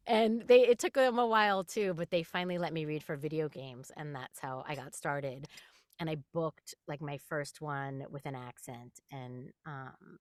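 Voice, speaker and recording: A middle-aged woman from New York, a voice actress guest chatting in an interview, animated and quick to laugh while acting out quotes. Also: sits low, dry recording, clean studio sound. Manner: animated storyteller, laughs often, acts out quotes. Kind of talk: casual interview chat.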